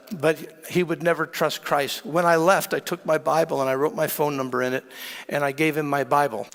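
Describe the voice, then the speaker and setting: A man preaching and telling a personal testimony in a dramatic, animated way, often stammering and repeating words. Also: a little high. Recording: long hall reverb.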